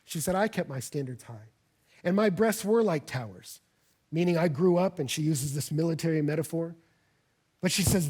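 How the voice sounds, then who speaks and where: Man, pastor, sermon, slightly high voice, husky, earnest and emphatic. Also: lively intonation, fairly quick. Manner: earnest, builds to loud emphatic peaks when reading scripture. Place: church.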